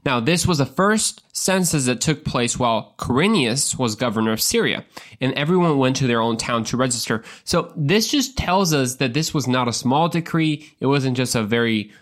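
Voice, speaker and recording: A man's voice: medium pitch, lively intonation, normal speed, fairly bright tone. A man giving a casual Bible talk, joking and conversational, often repeating words as he goes. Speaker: podcast preacher.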